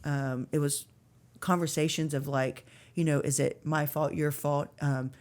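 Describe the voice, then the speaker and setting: A woman's voice: low-pitched, flat delivery, unhurried, darkish tone. Woman telling a heartfelt faith story. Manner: earnest, emotional storytelling with many fillers. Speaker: podcast guest. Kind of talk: personal faith testimony.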